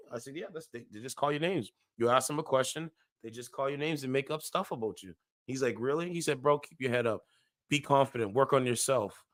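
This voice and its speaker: Bright-voiced man reading news, stumbling. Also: medium pitch. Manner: stumbles over words, corrects himself mid-read; slangy asides. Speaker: show host reading an article aloud. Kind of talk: casual commentary with read-aloud article.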